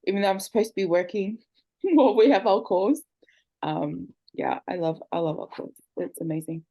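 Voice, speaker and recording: A woman's voice: medium pitch, normal speed, warm tone. A woman speaking earnestly on a casual group video call, with many fillers. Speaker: group member.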